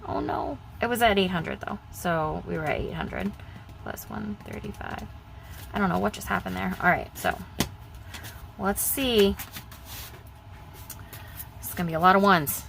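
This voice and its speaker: A woman's voice: mid-range voice, normal speed, creaky, long pauses, a bit bright, slight background noise, low-quality recording. A young woman chatting casually in her vlog, rambling and repeating herself as she talks about budgeting. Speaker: budgeting vlogger.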